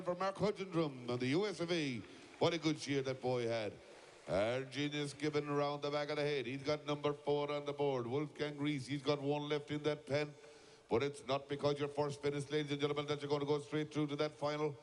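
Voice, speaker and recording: Over a PA at a shearing contest, a man delivers live play-by-play commentary and urges the crowd to cheer. His voice sits on the high side, with a little hiss or hum audible.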